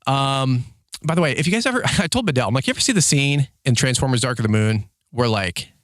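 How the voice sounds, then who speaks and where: A man in his thirties who owns a lawn care business, telling a rambling story in a casual vlog, full of "like" and "dude", acting out shouted quotes in a higher voice. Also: expressive, fast, dry recording, studio quality. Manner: heavy use of filler words like "like" and "dude".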